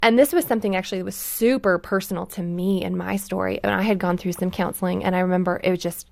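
Earnest woman with a gravelly edge. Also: medium pitch, fairly even intonation, fast, a little mellow, no echo. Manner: earnest, explanatory, many fillers like "like". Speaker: guest, parenting author. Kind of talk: conversational radio interview.

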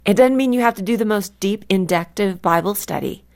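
A woman from California, a guest author speaking earnestly and reflectively in a faith radio interview, slowing down to stress key words. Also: medium pitch, creaky. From California, USA.

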